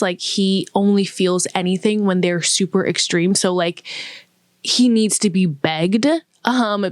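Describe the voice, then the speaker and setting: A woman's voice: mid-range voice, dry recording. A young woman recapping a film in a casual vlog, chatty and frank, with lots of fillers. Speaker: YouTuber reviewing a film. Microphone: camera mic.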